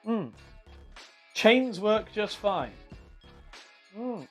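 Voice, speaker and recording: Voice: mid-range voice, expressive, very slow, fairly bright tone, soft background music. A streamer chatting casually on a live repair stream, swearing freely and reading viewer messages aloud.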